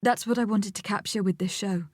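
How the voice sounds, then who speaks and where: A woman's voice: mid-range voice, a little fast, dry recording, natural voice. A woman voicing a young female art student in an audiobook, pleading and emotional, her voice close to cracking. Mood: earnest. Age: young adult. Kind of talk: audiobook character voice.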